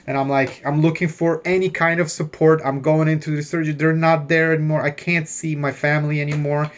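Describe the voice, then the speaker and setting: A man's voice: a little high, level tone, fairly quick. A man in his thirties telling a long personal story in a loose, rambling way, full of fillers and swearing. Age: 30s. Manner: rambling, heavy use of "like" and swearing. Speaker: vlogger. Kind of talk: casual storytelling.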